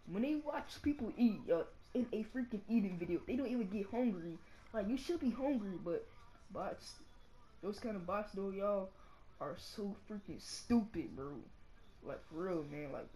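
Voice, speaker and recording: A male gaming channel host giving casual gameplay commentary and ranting, saying "bro" and "y'all" constantly and swinging from mumbles to shouts. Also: sits high, lively intonation, normal speed, slight background noise. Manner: slangy, fills nearly every phrase with "bro" and "y'all".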